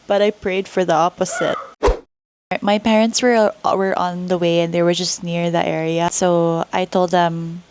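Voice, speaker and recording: Young Filipino-accented woman hosting a podcast. She speaks slowly, earnestly and with feeling. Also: on the low side, flat delivery, a little mellow, slight background noise. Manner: earnest, emotional, slow and reflective. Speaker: podcast host. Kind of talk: personal storytelling.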